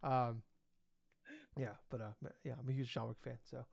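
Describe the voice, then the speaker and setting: A man's voice: medium pitch, flat delivery, moderate pace, vocal fry, no room sound. A man co-hosting a podcast in casual chat, running through news items with lots of ums and uhs. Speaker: podcast co-host. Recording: dull, lo-fi and very dry.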